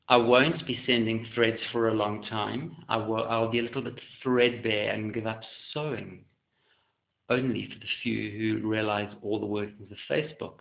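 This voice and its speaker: A man's voice: medium pitch, gravelly. Flamboyant theatrical man in an echoey room. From South Africa. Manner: theatrical, flamboyant, swings loud and soft. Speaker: artist and muralist. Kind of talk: casual camera monologue. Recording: echoey room, dull lo-fi sound.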